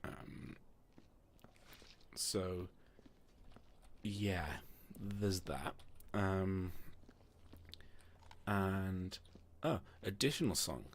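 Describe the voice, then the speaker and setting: A man alone in a room narrates as game master for a tabletop game, his low voice drawing out words between long pauses. The delivery is casual and rambling, with frequent self-directed questions and slight background noise.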